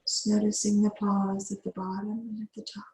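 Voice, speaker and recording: A woman yoga teacher guiding a slow yin yoga meditation, giving soothing breath cues with long pauses. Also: medium pitch, little pitch movement, a little mellow, roomy sound, poor audio.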